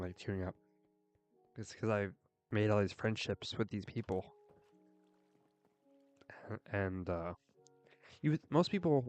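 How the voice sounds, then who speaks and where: A young man streaming a game and talking in an earnest, rambling way, full of fillers. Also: on the low side. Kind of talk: casual rambling chat while gaming.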